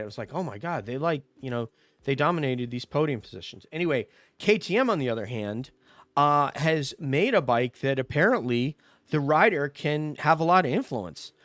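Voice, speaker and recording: A man's voice: medium pitch, expressive, normal speed, a bit bright, no echo. A man hosting a casual podcast chat, joking and teasing his co-host and laughing often.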